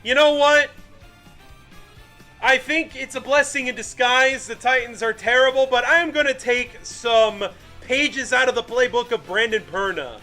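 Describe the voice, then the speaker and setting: A young man with a high, bright, forceful voice delivers live fan commentary on a football game. He talks in an unhurried way, self-mocking and excitable, and faint music plays behind him. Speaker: streamer doing game commentary.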